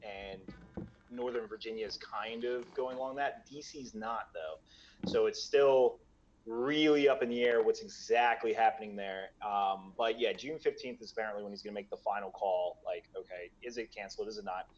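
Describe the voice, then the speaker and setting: A man's voice: fairly low pitch, fairly even intonation, moderate pace, lo-fi sound. An American man chatting as a guest about the event he organizes, with many fillers and restarts. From United States. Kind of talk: casual chat. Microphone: video call.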